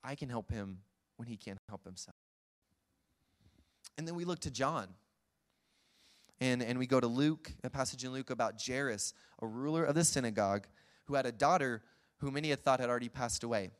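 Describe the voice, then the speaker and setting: A man preaching a sermon, retelling scenes in a lively, chuckling way. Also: mid-range voice, a little fast. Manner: lively storytelling, acts out scenes, chuckles often.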